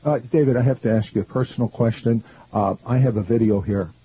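A man's voice: mid-range voice, fast. A man with a mid-range voice hosts a radio interview and asks curious, prompting questions. The sound is dull, with a slight hiss underneath. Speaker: host.

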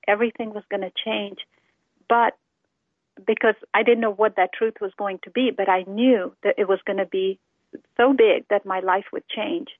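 A woman's voice: medium pitch, no echo. Earnest woman on a tinny phone line. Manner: earnest, heartfelt storytelling. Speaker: testimony speaker. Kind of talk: personal conversion testimony.

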